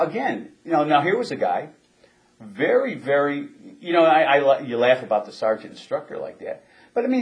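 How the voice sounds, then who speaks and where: Brief: older male ex-Marine, chuckling storyteller, pitch mid. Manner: chuckling, halting with restarts. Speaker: interviewee, former Marine. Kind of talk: casual storytelling.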